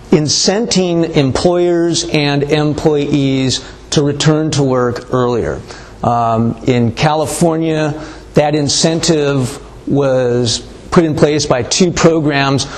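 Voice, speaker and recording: A man giving a conference presentation, brisk and matter-of-fact, with frequent ums and uhs. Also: medium pitch. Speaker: conference speaker.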